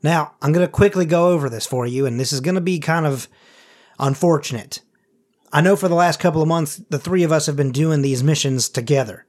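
A man voicing a gruff, blunt older Southern male scientist with a put-on Southern accent, lecturing impatiently in a tabletop game. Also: a little high, a little fast, darkish tone, natural voice. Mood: urgent. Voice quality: gruff, tough. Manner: lecturing, impatient, swears mildly.

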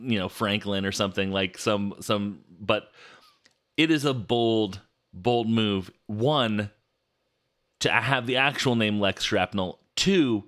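A man's voice: on the low side, slow pace, a bit bright. A man co-hosting a casual movie podcast, chatting loosely, laughing often and sharing researched asides. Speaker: podcast co-host.

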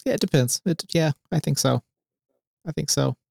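A man's voice: fairly high pitch, animated, moderate pace, gravelly, darkish tone, no room sound, clean studio sound. A man co-hosting a podcast in casual chat, easygoing and agreeable, laughing often. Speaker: podcast co-host.

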